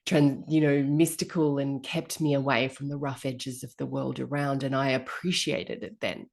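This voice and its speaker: A woman hosting a conversation, speaking in a gentle, reflective way. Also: rumbling low, level tone, normal speed, creaky. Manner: gentle and reflective, with many soft affirmations.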